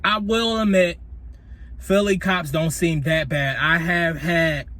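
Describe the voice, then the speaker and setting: Animated, cursing young man telling a story. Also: on the high side, slow. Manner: animated, profane, swings between loud and muttered. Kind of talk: casual storytime monologue. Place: at his workplace on a break.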